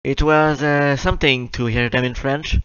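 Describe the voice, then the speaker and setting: A man's voice: mid-range voice, fairly even intonation, normal speed, a bit bright, smooth, no echo. Self-mocking young man in a dry, slightly muffled room. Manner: chatty and self-mocking, reads questions aloud and answers them. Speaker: channel host answering live questions. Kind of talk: casual live Q&A chat. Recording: slightly dull lo-fi mic, dry.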